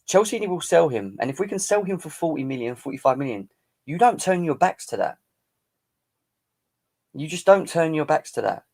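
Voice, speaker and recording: A man's voice: a little high, lively intonation, moderate pace, pauses often, a little mellow. Boisterous man hosting a fan stream. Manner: boisterous, teasing banter, chanting. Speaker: fan channel live-stream host. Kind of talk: casual live-stream football chat.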